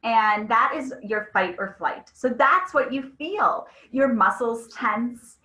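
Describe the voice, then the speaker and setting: A woman's voice: a little high, takes it slowly, roomy sound, low-quality recording. A woman in her thirties presenting a webinar on mental health, talking conversationally and telling stories with frequent asides to her audience. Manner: conversational, animated storytelling with frequent "right?".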